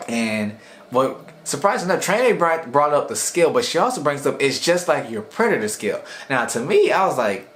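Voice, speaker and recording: A man's voice: mid-range voice, sing-song, moderate pace, fairly bright tone. A young man casually reviewing an anime episode in a rambling, slangy way, often acting out the characters' lines.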